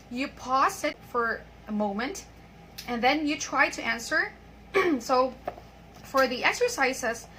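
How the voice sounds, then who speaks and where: A woman teaching an online English pronunciation lesson, patiently reading example sentences and repeating them slowly. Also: sits high, bright, forceful tone, a little hiss or hum, rough recording.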